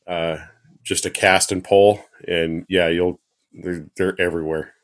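A man chatting casually as a podcast guest, describing a fishing spot in a relaxed, matter-of-fact way. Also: sits low, a little slow. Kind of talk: casual chat.

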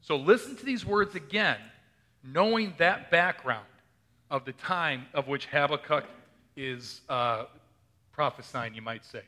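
A man's voice: fairly high pitch, a little slow, pushed and bright. A male pastor giving a conversational sermon, reading scripture aloud and often asking the congregation questions.

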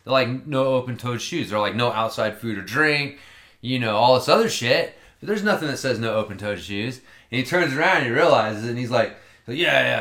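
A man's voice: medium pitch, expressive, brisk, a bit bright, echoey room. A man telling a long story in casual chat, rambling and swearing freely.

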